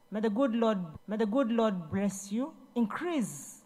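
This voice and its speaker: A woman's voice: on the high side, lively intonation, unhurried, mellow, slight background noise. A woman, a government minister, giving a ceremony speech, telling Bible stories in a preachy way and repeating herself. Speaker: guest speaker, government minister. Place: large event hall.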